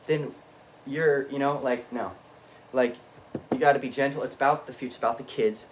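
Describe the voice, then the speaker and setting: A man's voice: mid-range voice, fairly even intonation, moderate pace, background noise. Rambling intense man muttering and then bursting out. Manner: rambling, intense, swings between muttering and emphatic outbursts; frequent self-interruptions and restarts. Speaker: vlogger. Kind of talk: rambling unscripted monologue.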